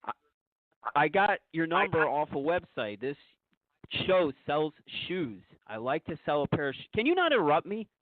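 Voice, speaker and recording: A man with a high voice calls into a radio show over the phone. He repeats himself insistently and keeps asking not to be interrupted. The line is tinny and dry. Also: very animated, moderate pace, no room sound. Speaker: caller. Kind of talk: call-in phone conversation.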